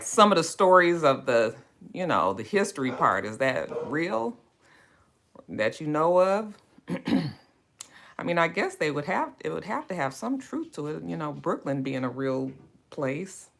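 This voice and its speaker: A West Coast American woman hosts a casual book club livestream, greeting viewers by name in a chatty drawl. Her voice is deep with a fairly bright tone.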